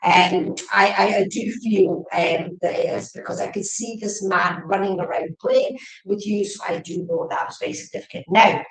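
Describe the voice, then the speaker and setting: A woman's voice: medium pitch, normal speed. Chatty woman medium, echoey room. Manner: chatty, warm and repetitive, addressing viewers by name. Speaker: psychic medium. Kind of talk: live-streamed psychic reading. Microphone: webcam or phone.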